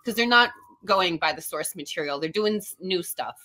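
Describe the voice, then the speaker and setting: A woman's voice: fairly low pitch, animated, moderate pace, sharp tone. A woman talking bluntly in a casual podcast chat, swearing freely as she criticizes studios. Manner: blunt, profane.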